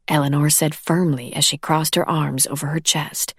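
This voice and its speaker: A woman narrating an audiobook in a measured, even reading. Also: deep voice, slightly rough, no room sound, studio quality. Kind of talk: scripted narration.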